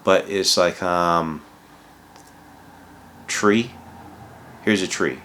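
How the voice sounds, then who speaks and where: A man with a low, deep voice talks through advice in a loose, casual vlog style. He rambles, restarts his sentences and leans on "you know" as he goes. There is a faint hiss behind him. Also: unhurried, a bit bright. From outside England, moved there. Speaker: cloud consultant giving career advice.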